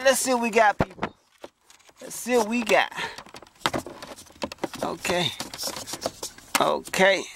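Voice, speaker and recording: A chatty man, pitched high for a man, walks viewers through a repair from inside a parked car, exclaiming as he goes. His camera sits close while he works, with a faint hiss behind him. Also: lively intonation, takes it slowly, vocal fry, long pauses. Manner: chatty, exclaims often, talks straight to viewers. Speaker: vlogger. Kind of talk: casual how-to car repair vlog.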